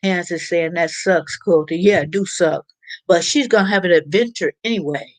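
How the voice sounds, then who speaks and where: A woman's voice: on the low side, normal speed, no room sound, poor audio. A woman hosting a casual live-stream chat, reading viewers' comments aloud and rambling along with plenty of fillers. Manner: chatty and rambling, with frequent fillers and restarts.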